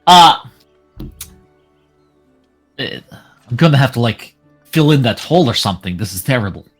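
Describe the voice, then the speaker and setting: A young man narrates a tabletop game as game master, pausing often on uh and um. His voice swings lively up and down, and there is soft music behind him. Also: mid-range voice. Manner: hesitant, lots of uh and um.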